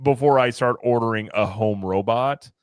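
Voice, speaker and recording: A man's voice: medium pitch, normal speed, smooth, no room sound, studio quality. A man co-hosting a casual livestream chat, joking and reading viewer comments aloud. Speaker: podcast co-host reading chat.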